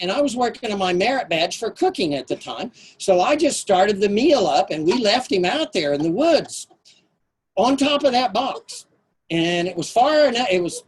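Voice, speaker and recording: A man telling a personal story at a storytelling event, animated and shifting his voice for effect. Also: high voice, breathy edge. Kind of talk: live storytelling performance.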